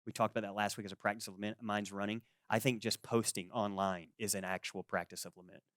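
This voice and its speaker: A man in his forties preaching a sermon as pastor, conversational and lively, acting out the people he quotes. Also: on the low side, fast talker, no echo, studio quality. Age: 40s. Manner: conversational, animated, acts out quoted voices.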